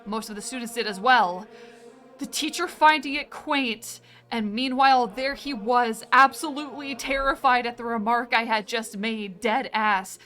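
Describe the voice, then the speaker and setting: A woman's voice: fairly high pitch, normal speed, sharp tone. A young woman streamer playing a mock priest for her chat, theatrical and sarcastic, slipping into sing-song.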